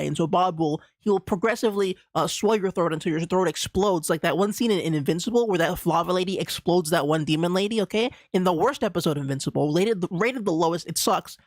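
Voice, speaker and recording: A man's voice: sits high, fast talker, hardly any pauses, dry recording. A young man streaming a game live, rambling with goofy mock threats and repeated phrases. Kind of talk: live gameplay commentary.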